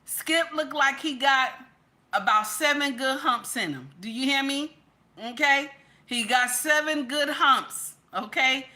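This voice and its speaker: Speaking slowly in a high, pushed, bright voice, this woman comments casually and emphatically as a social media personality. She keeps saying "okay?" and talks straight to her audience, addressing them as "baby" and "y'all."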